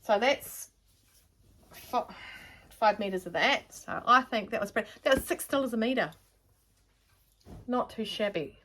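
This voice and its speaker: A woman's voice: on the high side, unhurried, pauses often, a bit bright. A middle-aged woman with a New Zealand accent, chatting to camera about fabric in a rambling, self-mocking way. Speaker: sewing vlogger. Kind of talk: casual chat to camera.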